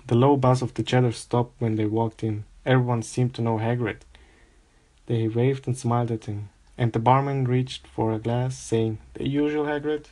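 A man reading a novel aloud at a steady, unhurried pace. His voice sits at an ordinary pitch. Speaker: reader.

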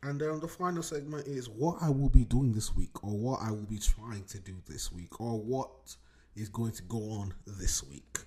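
A man's voice: mid-range voice, normal speed, warm tone. Young man hosting a casual podcast. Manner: loose, joking, swears, laughs into his words. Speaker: podcast host. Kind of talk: casual solo podcast talk.

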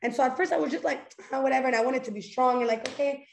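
A woman's voice: high-pitched, rapid-fire, creaky, slight background noise. A young woman hosting a casual motivational talk, goofy and earnest, talking in a loose stream full of "like" and restarts. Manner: goofy, chatty, earnest, fillers like "like". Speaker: host. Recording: echoey room.

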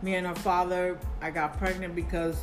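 A woman in her forties, a podcast guest, telling a personal story in casual talk, lively and acting out the voices of others. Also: lowish voice, moderate pace. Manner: animated, acts out quoted voices, laughs often. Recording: music playing underneath.

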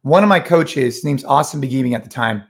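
A man's voice: medium pitch, a little fast, gravelly. A middle-aged man hosting a short solo podcast, talking casually and with energy, often retelling conversations. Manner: energetic, conversational, retells chats with quoted voices. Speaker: podcast host.

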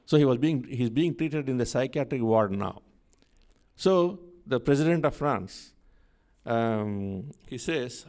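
A man's voice: mid-range voice, expressive, slow pace, a little mellow. A man preaching a sermon, telling a scripture story and repeating key phrases for emphasis.

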